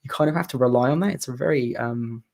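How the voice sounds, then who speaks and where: A man's voice: medium pitch, fast talker, gravelly, darkish tone. A man in his thirties with a British accent, hosting a casual theatre chat and often repeating words as he gets to his point. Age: 30s. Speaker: host of a theatre live chat.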